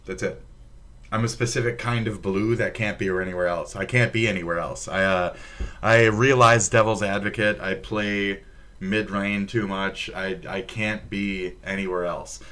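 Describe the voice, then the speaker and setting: A Minnesota man with a Minnesotan accent rambles profanely while chatting casually on his livestream. His lowish, slightly bright voice holds a steady tone at normal speed.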